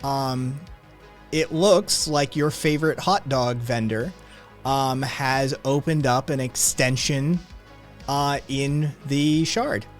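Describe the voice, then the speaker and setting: Slow, laid-back man as game master. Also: medium pitch, faint music behind. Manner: relaxed, full of fillers, laughs often. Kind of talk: narrating a tabletop game.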